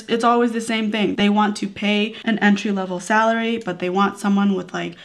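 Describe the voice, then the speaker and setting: A young woman beauty vlogger talking candidly and emotionally in a get-ready-with-me vlog, close to tears. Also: mid-range voice.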